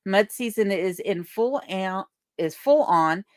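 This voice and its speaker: A woman's voice: mid-range voice, lively intonation, slow, dry recording, clean studio sound. A woman from Alaska hosting a casual livestream, reading viewer comments aloud and thanking people one by one. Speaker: livestream host reading chat. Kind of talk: casual live chat. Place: remote home in Alaska.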